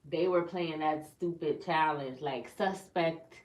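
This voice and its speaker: A woman's voice: low-pitched, slow, recorded from a distance. A woman co-host in a casual group chat, retelling a story in a rambling way with many ums. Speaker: podcast co-host. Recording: roomy sound from off-mic.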